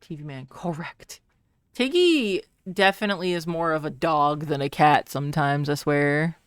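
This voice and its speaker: Low-voiced chatty woman streamer. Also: normal speed, clean tone, dry recording, clean studio sound. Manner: chatty, laughs often, reads in-game text aloud. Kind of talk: live game stream chat and reading aloud.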